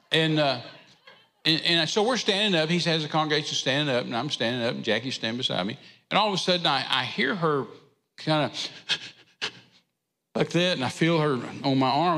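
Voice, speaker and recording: A man tells a folksy, rambling story from the pulpit, his gravelly voice mixed with self-deprecating humor. The sound carries the long reverb of a church sanctuary. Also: a little high, pushed and bright. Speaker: preacher. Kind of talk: storytelling sermon.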